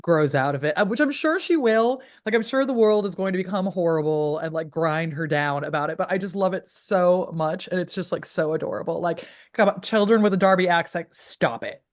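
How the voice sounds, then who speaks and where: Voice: medium pitch, brisk, hardly any pauses. Gushing co-host with a mid-Atlantic accent. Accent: mid-Atlantic, between American and English. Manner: enthusiastic, gushing, playful. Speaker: podcast co-host. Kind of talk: casual chat. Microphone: video call.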